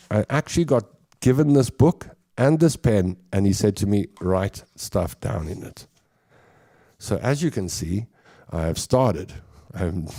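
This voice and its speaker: A man's voice: fairly low pitch, warm tone. A man hosting a casual live show, chatting in a rambling way and reading out viewer comments. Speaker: show host.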